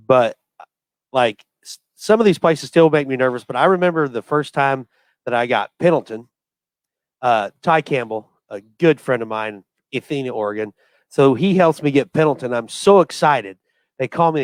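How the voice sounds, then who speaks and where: A man, a rodeo clown and podcast host, talking in an animated, joking way with quick asides. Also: mid-range voice, no room sound. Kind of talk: casual podcast chat.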